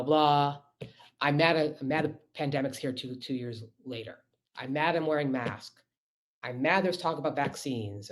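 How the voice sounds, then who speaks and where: A man's voice: a little high, darkish tone. Emphatic man giving a casual webinar talk. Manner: conversational, emphatic, repeating rhetorical questions.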